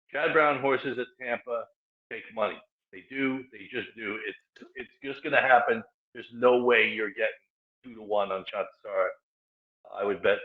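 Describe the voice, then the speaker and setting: A man on a horse racing panel gives his pick with blunt confidence. His voice is on the low side. It comes through a thin, phone-like line. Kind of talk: horse racing handicapping talk.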